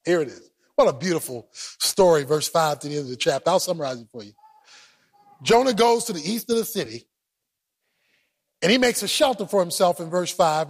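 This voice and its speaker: Preacher, high and husky, big swings in pitch, loud colloquial delivery. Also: male voice. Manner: exclaiming, colloquial, acts out the scripture, often shouts. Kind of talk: animated sermon.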